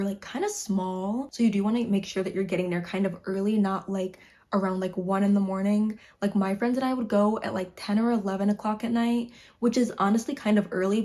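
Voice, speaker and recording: A woman's voice: mid-range voice, darkish tone. A woman in her twenties from Chicago, chatting casually in a vlog, bubbly and full of "like". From Chicago, United States. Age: 20s. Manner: chatty, bubbly, heavy use of "like". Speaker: vlogger. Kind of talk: casual talking-head vlog. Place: home room in winter.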